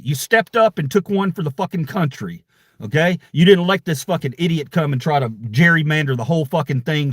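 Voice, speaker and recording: This channel host's voice sits a little high, captured in a dry, clean studio recording. In an angry livestream rant, he goes after his online critics with heat, profanity, and confrontation.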